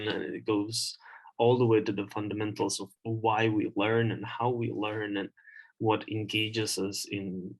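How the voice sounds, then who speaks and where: Low-voiced, thoughtful man. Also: low-quality recording. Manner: thoughtful, pausing, searching for words. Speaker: co-host. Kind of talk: reflective casual conversation.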